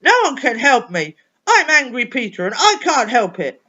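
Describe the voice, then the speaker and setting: A woman voicing an angry, defiant little boy who shouts, in a storybook reading. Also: on the high side, big pitch swings, moderate pace, heavily acted. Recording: dull lo-fi recording.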